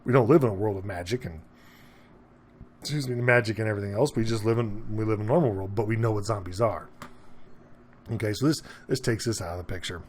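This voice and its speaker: Speaking fast over slight background noise, a man vlogs his opinions straight to camera. He meanders and repeats himself, constantly checking "okay?", and his pitch leaps up as he grows worked up.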